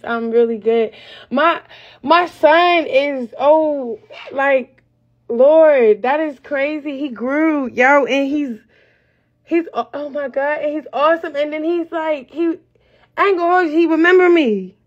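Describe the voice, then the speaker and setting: A high-pitched woman rambles excitedly on a live stream, dropping slang and losing her train of thought as she goes. The sound is dull and lo-fi, like a phone recording. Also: measured pace. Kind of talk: casual live stream talk.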